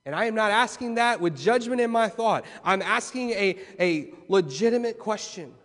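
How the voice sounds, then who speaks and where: A man's voice: sits high, long reverb tail. A man preaching a sermon as pastor, repeating key phrases with rising intensity in a church. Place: church sanctuary.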